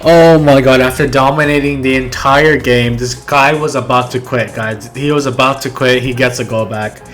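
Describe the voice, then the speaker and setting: A young man commentating his own football video game matches, talking straight to viewers and yelling at goals and near misses. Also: mid-range voice, fairly even intonation, normal speed, faint music behind. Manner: talks straight to viewers, calls them guys. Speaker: gaming YouTuber. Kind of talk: live gameplay commentary.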